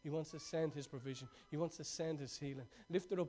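A man preaching a sermon, moving from lively, laughing stories to quiet, urgent exhortation. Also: fairly high pitch, a little fast. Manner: swings from excited, laughing storytelling to hushed, urgent exhortation.

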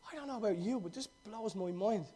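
A man preaching a fervent, storytelling sermon that swings from loud to hushed. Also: high voice, fast talker, husky.

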